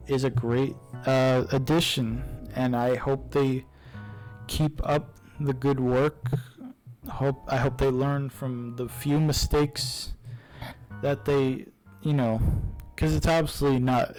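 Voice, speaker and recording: Slow, rambling young man reviewing games. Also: mid-range voice, steady tone, a little mellow, faint music behind, rough recording. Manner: rambling, hesitant, many fillers and restarts. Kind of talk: casual spoken review.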